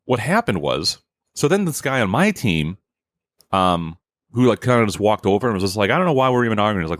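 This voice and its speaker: A man's voice: fairly low pitch, big pitch swings, fast talker, no room sound. A man hosting a podcast, telling a story in a heated, profane way and acting out what people said. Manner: profane, heated, acts out quotes. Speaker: podcast host. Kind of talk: casual storytelling.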